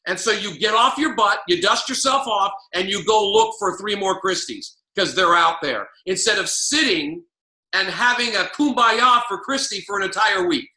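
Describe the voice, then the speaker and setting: Male motivational coach, emphatic and repetitive, high bright voice. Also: lively intonation, moderate pace, roomy sound. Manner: emphatic, preachy, repeats key lines. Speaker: network marketing coach.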